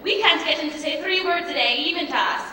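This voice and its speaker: A woman playing a chatty, excitable Irish widowed mother in a stage musical, with an Irish accent. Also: sits high, fast. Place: theater stage. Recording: echoey hall, miked from far off.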